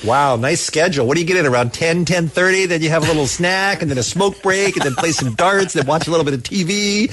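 A man's voice: on the high side, fast talker, few pauses, fairly bright tone. A man co-hosting a radio show, ribbing a guest with sarcastic jokes. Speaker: radio co-host. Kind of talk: morning radio banter.

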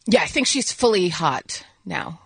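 Wry woman co-host with quick quips. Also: lowish voice, very animated, gravelly, slightly rough, no room sound. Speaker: radio show co-host. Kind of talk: morning radio banter.

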